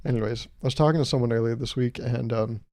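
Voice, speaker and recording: A man's voice: medium pitch, fairly even intonation, fast talker, darkish tone, no echo, clean studio sound. A man hosting his own podcast, delivering a casual, profane comedic rant with exasperated swings. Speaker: podcast host.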